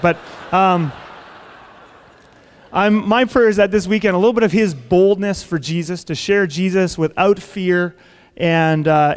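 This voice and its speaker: A man's voice: fairly high pitch, clean tone. A man pastor introducing a guest speaker in a chatty, joking way, with many fillers, in a large church. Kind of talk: sermon introduction. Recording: long hall reverb.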